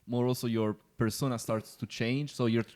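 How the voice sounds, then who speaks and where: A man, a podcast host, chatting casually in a relaxed way and telling a small anecdote. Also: medium pitch, normal speed.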